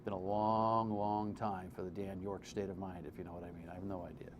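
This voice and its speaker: A man's voice: sits low, little pitch movement, brisk. A man hosting a TV commentary segment, talking in a blunt, sarcastic, conversational way. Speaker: TV host and commentator. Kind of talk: opinionated TV commentary. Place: TV studio. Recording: faint background noise.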